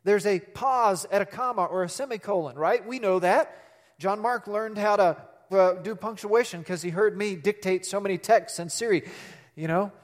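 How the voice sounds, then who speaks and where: Man, pastor, preaching a sermon, higher voice, long hall reverb, animated. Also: moderate pace. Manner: animated preaching, acts out quotes, asks the congregation questions.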